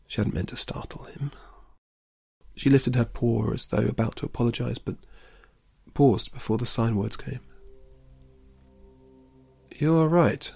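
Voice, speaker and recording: Gravelly man narrating a story. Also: medium pitch, darkish tone.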